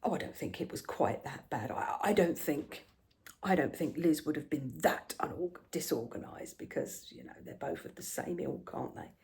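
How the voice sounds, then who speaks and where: A woman voicing her doubting middle-aged husband, speaking low and hesitantly with mumbled restarts. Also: expressive, moderate pace, creaky, darkish tone. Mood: doubtful.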